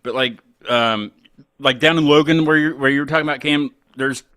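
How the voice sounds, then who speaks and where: A man's voice: medium pitch, a little fast, fairly bright tone, no echo, studio quality. A man from West Virginia hosting a live show, chatting casually and laughing often. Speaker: show host.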